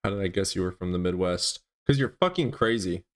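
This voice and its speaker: A man's voice: low voice, lively intonation, a little fast. A man hosting a live stream, chatting casually with viewers in crude, teasing banter full of swearing.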